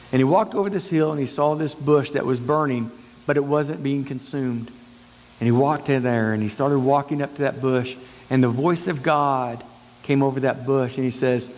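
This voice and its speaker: A man preaching a sermon as pastor, retelling a story and acting out its dialogue with big swings in pitch. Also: moderate pace, a little mellow. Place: church sanctuary. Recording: long church hall reverb.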